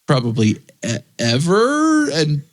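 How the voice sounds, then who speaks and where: A man's voice: a little high, slow pace. Laid-back chatty man. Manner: relaxed, many "like" fillers, chuckling. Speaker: podcast co-host. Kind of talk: casual storytelling chat.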